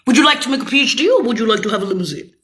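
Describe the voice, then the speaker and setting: A woman rants bitterly and profanely, rambling from one grievance to the next. Her voice sits high and bright, and it leaps wildly up and down as she goes from shouting to muttering under her breath. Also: animated, racing, slight background noise. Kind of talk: angry profane rant.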